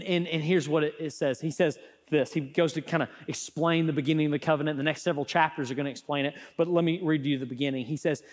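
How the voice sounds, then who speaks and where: A man preaching from the pulpit with a fairly high voice. His delivery swings between loud, lifted points and low, hushed asides. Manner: animated, rising and falling emphasis. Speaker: pastor. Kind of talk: sermon.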